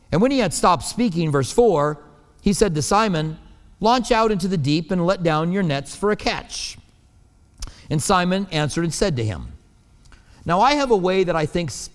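A man's voice: on the high side, long reverb tail. A man preaching a sermon as pastor, telling stories in a conversational way and acting out voices.

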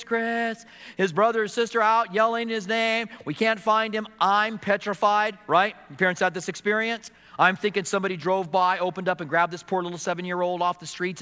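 A man's voice: high-pitched, pushed and bright, in a large hall. A middle-aged man preaching a sermon as a pastor, telling stories and acting out quotes with some humor. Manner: storytelling with acted quotes and humor.

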